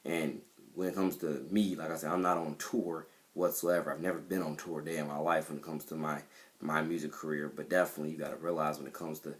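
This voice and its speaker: Man with a very low voice, casual self-assured monologue, rambling with fillers. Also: level tone, fast. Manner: rambling, repeats himself, many fillers; self-assured about his music. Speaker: independent rapper.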